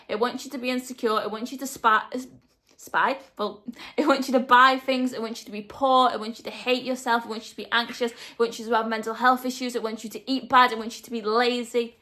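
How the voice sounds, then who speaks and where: A woman's voice: fairly high pitch, steady tone, fairly quick, pushed and bright. A young woman talking straight to her viewers in a motivational vlog, earnest and direct, hammering points home by repeating them. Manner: earnest, direct, emphatic repetition. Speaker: vlogger. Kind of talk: motivational talk to camera.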